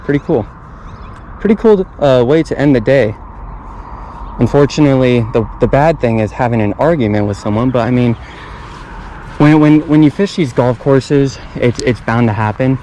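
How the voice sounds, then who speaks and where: A man's voice: medium pitch, normal speed, dark tone, a little hiss or hum, poor audio. A young man filming a fishing vlog outdoors at a pond on an action camera, talking in a laid-back, chatty way and often repeating himself. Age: young adult. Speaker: fishing vlogger. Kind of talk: casual vlog commentary.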